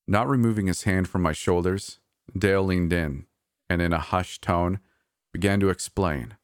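Deep-voiced man narrating a story. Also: normal speed, no room sound, studio quality. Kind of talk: first-person horror story narration.

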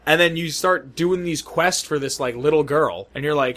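A man's voice: a little high, moderate pace. A man co-hosting a casual gaming podcast, retelling game moments with swearing and laughs. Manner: animated, swearing, laughing storyteller. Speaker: podcast co-host.

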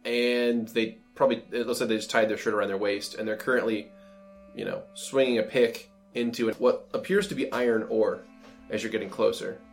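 A man's voice: on the low side, fairly even intonation, fairly quick, soft background music. A man running a tabletop game as game master, describing scenes in a loose, rambling way with lots of fillers.

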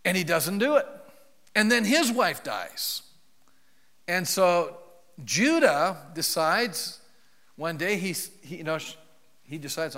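A man's voice: fairly high pitch, big pitch swings, measured pace, long pauses, fairly bright tone. A male pastor preaching a sermon in a church, telling a Bible story in a loose, conversational way and asking the congregation questions. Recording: long reverb of a large hall.

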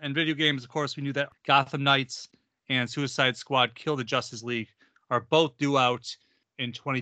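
A man co-hosting a podcast in a casual chat, animated and emphatic, often cutting himself off. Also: medium pitch, no room sound. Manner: animated, emphatic, self-interrupting. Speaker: podcast co-host.

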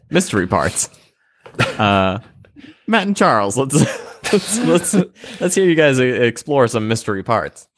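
A man co-hosting a comedy podcast, presenting an absurd idea in a dry, deadpan way. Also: medium pitch, slow, dry recording. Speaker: podcast co-host. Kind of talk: deadpan comic pitch.

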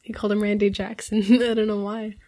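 A woman's voice: medium pitch, little pitch movement, brisk, dark tone. A young woman in a casual group conversation, telling personal stories in a rambling way with many fillers. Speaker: group chat participant.

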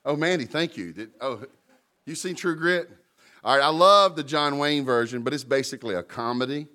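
A man's voice: medium pitch, normal speed, pushed and bright. Man preaching a casual storytelling sermon. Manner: conversational storytelling preacher, paraphrasing scripture casually. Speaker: pastor. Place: church.

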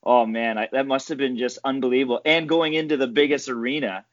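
A man's voice: medium pitch, fairly even intonation, fairly quick, no echo, muffled recording. A man hosting a podcast, chatting casually with enthusiasm and profanity. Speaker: podcast host, former hockey player. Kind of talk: casual chat.

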